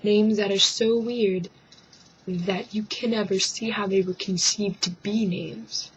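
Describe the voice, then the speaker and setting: Speaking slowly with a breathy edge, a woman of medium pitch and fairly even intonation vlogs a joking, rambling rant to her webcam at home. Mock voices and whispered asides pepper it, and the webcam mic leaves the sound dull and lo-fi.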